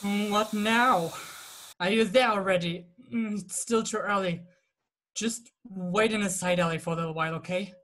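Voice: mid-range voice, fairly even intonation, normal speed, a bit bright, close to an everyday voice. Interprète qui joue un chef de tueurs glacial, sec et méprisant, voix moyenne. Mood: sarcastic. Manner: clipped, dismissive. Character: cold, curt boss of hired killers.

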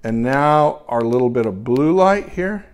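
A man's voice: mid-range voice, animated, a little slow. A man hosting a live photography stream, chatting cheerfully while he works through a demo and praising each shot. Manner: upbeat and chatty, lots of praise words.

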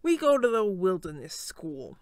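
A woman's voice: medium pitch, sing-song, measured pace, darkish tone, no echo, clean studio sound. A woman voicing a mischievous, joking teenage boy in a story she reads aloud. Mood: cheeky. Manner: cheeky, joking. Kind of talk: acted dialogue in a read-aloud story.

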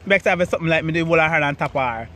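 A young Jamaican man casually telling the story of how he met his partner, animated and jumping high when he quotes himself. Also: racing, a little hiss or hum. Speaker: vlog co-host telling a couple's story.

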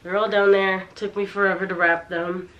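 This young woman vlogs casually indoors at home, holding the camera at arm's length and chatting in a confiding way with lots of fillers. Her medium-pitched voice stays level at a moderate pace, and the highs are cut off.

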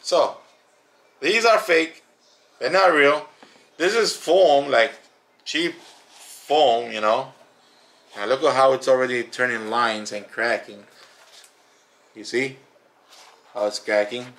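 A man giving a casual product review on a family channel, talking in an emphatic, animated way and repeating words for stress. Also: mid-range voice, takes it slowly, pauses often.

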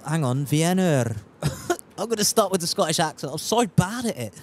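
Streaming a survival game, a man keeps up casual commentary full of jokes, swearing and put-on accents. His voice is a little high and very animated, at a normal pace.

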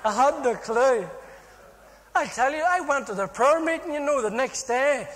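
A Northern Irish man shares his testimony in a strikingly high voice, animated and funny, playing out every exchange as he goes. His words ring out with a long reverb, like a big hall. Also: normal speed, noisy background. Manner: animated, humorous storytelling with acted-out dialogue. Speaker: speaker giving a personal testimony. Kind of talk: storytelling testimony.

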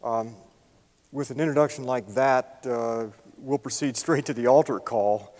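A man's voice: medium pitch, fairly even intonation, measured pace, a little mellow. Older man lecturing in a reverberant hall. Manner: folksy, self-deprecating storyteller with many fillers. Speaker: guest lecturer. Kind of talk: public lecture with humor.

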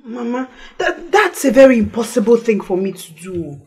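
A woman's voice: fairly high pitch, big pitch swings, normal speed, a little mellow. A torn, hesitant young woman. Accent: Nigerian. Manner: hesitant, conflicted. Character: young woman torn over betraying her best friend. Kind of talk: Nollywood film acting.

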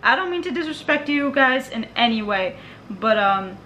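Excitable American woman hosting a reaction vlog, talks straight to viewers, with a sharp, bright tone and faint noise behind her. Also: fairly high pitch, moderate pace. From United States. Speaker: reaction video host. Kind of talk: casual reaction commentary.

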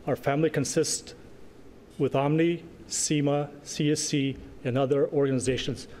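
A man presenting an award at a gala, speaking earnestly with pauses and small asides. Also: fairly high pitch, steady tone, darkish tone. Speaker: award presenter, organization president. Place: large banquet hall. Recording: echoey banquet hall with faint noise.

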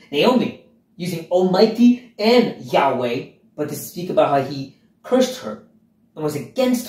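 A man giving an expository Bible lesson, emphatic and animated, often asking listeners rhetorical questions. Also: fairly high pitch, echoey room, low-quality recording. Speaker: Bible teacher.

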